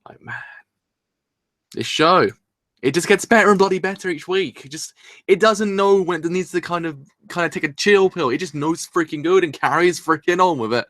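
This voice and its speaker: A man doing a live reaction review from his room, rambling excitedly and swearing casually, with a sore throat. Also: high-pitched, moderate pace, dry recording. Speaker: anime reviewer.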